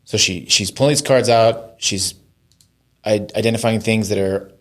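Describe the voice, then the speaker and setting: A man's voice: lowish voice, moderate pace. A male interviewer who offers short affirmations and asks prompting questions.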